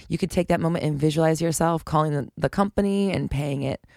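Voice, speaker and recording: A woman's voice: low-pitched, moderate pace, few pauses, darkish tone, no echo, studio quality. A woman hosting a solo podcast, talking frankly and chattily, swearing now and then and laughing between points. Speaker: podcast host. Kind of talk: casual solo podcast monologue.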